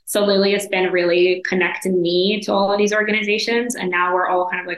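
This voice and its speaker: A woman's voice: medium pitch, flat delivery, a little fast, hardly any pauses, fairly bright tone, roomy sound, rough recording. A woman from Israel, a guest at an arts council, chatting casually and laughing often in an interview.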